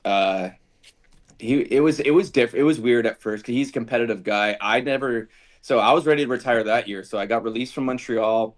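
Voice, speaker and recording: A former football kicker appears as a podcast guest, telling casual stories at a slightly fast pace in a medium-pitched voice. He animatedly acts out the dialogue of the people involved.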